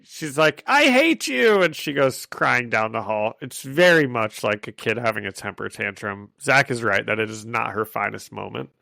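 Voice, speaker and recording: A man's voice: lowish voice, normal speed, vocal fry, hardly any pauses, bright, forceful tone, no echo. Dry-sounding man recapping comics. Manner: laughs often while recapping the story. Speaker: podcast co-host. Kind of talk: casual comic-book podcast chat.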